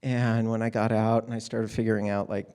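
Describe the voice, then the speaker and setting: A man speaks in a fairly low voice, recounting his own life in a candid, wry manner. He tells it as live storytelling and grows animated in places. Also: fairly quick, clean tone.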